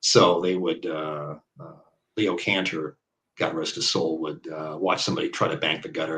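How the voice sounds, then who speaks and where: A man in his fifties from the American Midwest talks in a very low voice. He rambles through stories in casual interview chat, full of fillers and side tangents. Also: level tone, normal speed, bright, forceful tone, low-quality recording. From Iowa, US Midwest. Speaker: guest bowler.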